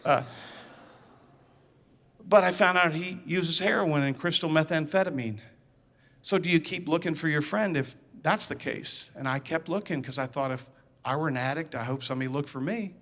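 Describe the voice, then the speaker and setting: A man telling a personal story to an audience, animated, acting out dialogue and repeating words as he goes, in a large reverberant hall. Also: a little high, normal speed, long pauses. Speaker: speaker.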